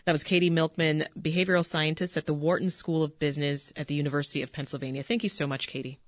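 A woman hosting a public radio talk show, lively and playful in manner, wrapping up the episode with guests and listeners. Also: low-pitched, fast talker, no echo. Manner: lively, playful, laughs readily.

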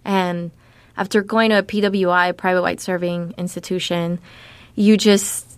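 A woman in her thirties, originally from Nicaragua, telling personal stories as an interview guest in a casual way, full of fillers and quick laughs. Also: lowish voice, little pitch movement, clean tone, no echo. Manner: casual, frequent fillers, laughs between thoughts. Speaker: guest writer.

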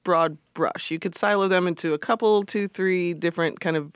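A woman hosting a radio interview in a studio, with a smooth, friendly on-air delivery. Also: fairly low pitch, moderate pace, no room sound. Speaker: radio host.

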